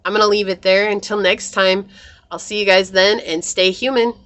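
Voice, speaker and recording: A woman's voice: mid-range voice, fairly even intonation, normal speed, a bit bright. A woman giving a pick-a-card tarot reading to her viewers in a chatty, upbeat way. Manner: chatty, upbeat, addresses viewers as you guys. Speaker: tarot reader.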